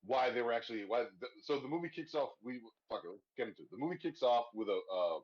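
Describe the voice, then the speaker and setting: A man's voice: medium pitch, expressive, fast talker, slightly rough. A man talks through a horror movie with his co-hosts in a loose, rambling way, swearing freely and breaking into laughter. The recording sounds dull and lo-fi. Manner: profane, rambling, laughs a lot. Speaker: podcast host. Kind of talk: casual movie discussion.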